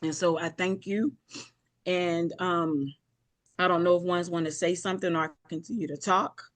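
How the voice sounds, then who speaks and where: A woman's voice: lowish voice, steady tone, moderate pace. A woman giving an emotional keynote speech on a video call, building rhythmic lists and often apologizing. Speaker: keynote speaker. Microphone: video call mic.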